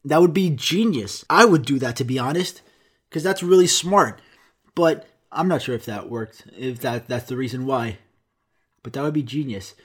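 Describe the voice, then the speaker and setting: A man's voice: medium pitch, moderate pace, slightly rough. A young man with an American accent and a Greek-speaking childhood, telling rambling, profane stories to his viewers in a casual vlog. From United States. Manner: rambling, profane, self-mocking. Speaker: vlogger. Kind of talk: casual storytelling monologue.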